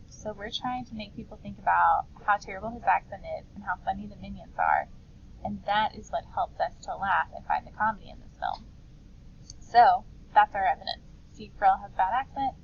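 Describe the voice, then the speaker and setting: A woman's voice: mid-range voice, gravelly, recorded from a distance. A woman teacher who reads an example aloud and then explains it step by step in a screen-recorded writing lesson. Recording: slightly dull, faint background noise.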